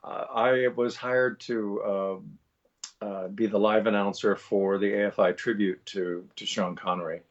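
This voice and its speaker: A male voice actor and guest on a live show, telling a long anecdote in an animated way with many fillers and restarts. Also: fairly low pitch, measured pace, muffled recording.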